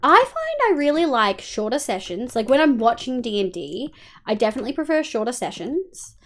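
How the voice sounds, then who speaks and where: An Australian woman streams a game and chats with her viewers in a loose, unscripted way. Her voice sits a little high and swoops all over as she thinks aloud, with the odd casual swear word. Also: big pitch swings, normal speed. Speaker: live streamer. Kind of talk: casual gameplay chat answering viewers.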